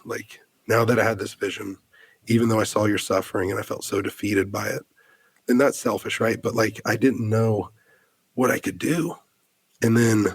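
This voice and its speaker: Man from the US, gravelly and husky, earnest halting storytelling, dry close sound. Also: on the low side, no echo. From United States. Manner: earnest, halting, many fillers and restarts. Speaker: podcast guest. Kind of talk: emotional personal storytelling.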